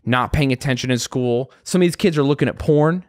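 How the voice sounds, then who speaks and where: A man's voice: mid-range voice, fairly quick, dry recording, studio quality, voice pushed down, lightly acted. A man voicing an earnest, fretful youth program organizer.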